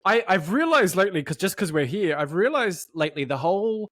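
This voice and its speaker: A podcast co-host with a slightly high voice, talking casually and animatedly, swearing freely and slipping into little acted-out voices. The sound is dry and close to the mic, with no room echo. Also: male voice, fairly quick. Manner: animated, swearing, acts out voices mid-story. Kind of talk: casual conversation.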